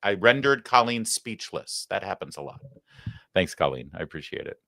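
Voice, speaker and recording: A man's voice: sits low, very animated, moderate pace, gravelly, bright, forceful tone, no room sound, studio quality. A man hosting a live show, chatting casually and joking with plenty of filler "uh"s. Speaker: show host.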